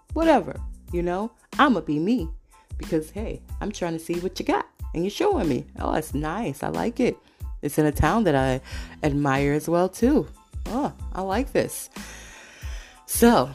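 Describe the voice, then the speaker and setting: A woman's voice: low voice, darkish tone. An American woman hosting a podcast, talking in an emphatic, profane, casual monologue that repeats points for emphasis. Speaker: podcast host. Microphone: podcast mic.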